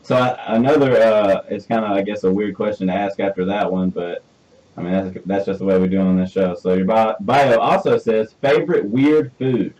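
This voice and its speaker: A man's voice: lowish voice, fairly even intonation, moderate pace, a little mellow. A man with an Alabama accent hosting a casual interview, chatty and rambling, laughing easily. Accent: Southern US, Alabama. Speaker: podcast host. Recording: distant, dull mic with faint noise.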